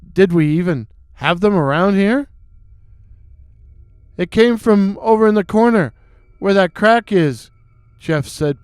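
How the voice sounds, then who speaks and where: A man narrating a listener's story aloud, dramatic, with dry deadpan asides. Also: sits high, clear, resonant tone, dry recording. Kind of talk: reading listener stories aloud.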